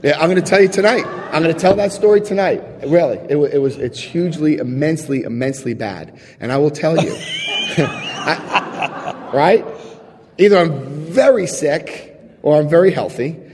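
A man sharing his recovery story with a live audience, telling it in an animated, chatty way, acting out scenes and checking in with his listeners. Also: on the high side, moderate pace, big-room sound, background noise. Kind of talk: personal testimony to a live audience.

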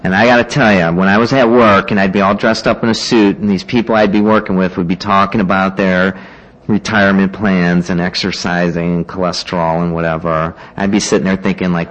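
A man with a somewhat low voice tells his own story of getting sober in a casual, meandering way. He leans on "you know" and "like", and he acts out the lines of the people he's talking about. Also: flat delivery, a little fast, a bit bright, muffled recording. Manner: rambling, full of "you know" and "like", acts out what others said. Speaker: speaker sharing his recovery story at a meeting.

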